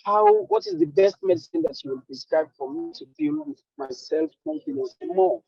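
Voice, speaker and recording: A man with a West African English accent asks his question, hesitant and full of fillers. His voice is gravelly and lively in pitch, heard over a dull, dry line. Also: normal speed, no echo. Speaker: participant asking a question. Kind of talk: question in an online session.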